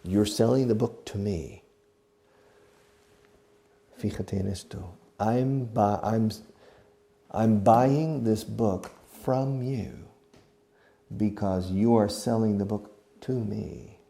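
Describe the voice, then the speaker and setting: A man who speaks English natively, teaching a beginner English lesson, acting out each verb as he names it and adding quick translations. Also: lowish voice, gravelly, warm tone. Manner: acts out each verb while naming it, slipping in quick translations.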